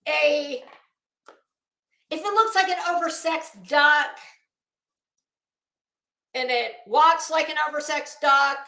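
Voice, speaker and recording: Her high voice comes across pushed and bright in a roomy-sounding space as she rants to her online followers. She's a YouTube commentary host, sassy and exasperated, dragging out words to stress them.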